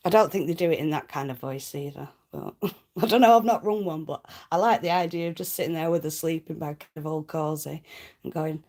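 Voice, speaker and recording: A woman's voice: fairly low pitch, a little fast, darkish tone. A woman hosting a casual livestream, chatting cheekily with viewers and laughing often. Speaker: livestream host.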